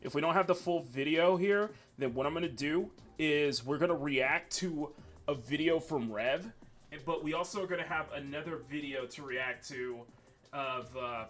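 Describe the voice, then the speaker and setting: A man's voice: fairly high pitch, normal speed, a bit bright. A young man hosting a livestream in casual, rambling chat with many fillers and restarts. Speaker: streamer host. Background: faint menu music.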